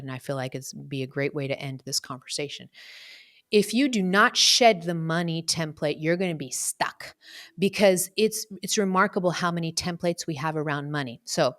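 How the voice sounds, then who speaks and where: A woman speaking casually about spiritual purpose, chatty and full of fillers, sometimes acting out other voices. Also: deep voice. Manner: chatty, many fillers, acts out quoted voices. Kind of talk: casual reflective talk.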